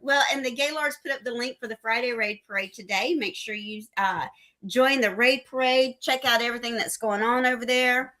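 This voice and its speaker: Giggly woman cohosting a morning livestream, high pitched and bright, teasing and chatty. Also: fairly even intonation, a little fast. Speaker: co-host of a live morning cruise show. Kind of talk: casual live-stream chat.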